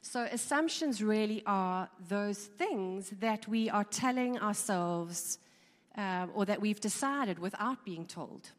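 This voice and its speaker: A woman with a medium-pitched, expressive voice speaks slowly in an informal, chatty talk to a live audience, full of ums and repeated words. A large hall adds long reverb.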